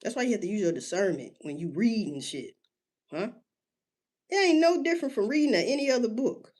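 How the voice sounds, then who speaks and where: A woman ranting casually to her listeners in street slang, cursing freely and firing off rhetorical questions, with drawn-out emphasis and sudden jumps in pitch. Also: lively intonation, darkish tone. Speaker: solo commentator. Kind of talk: casual rant.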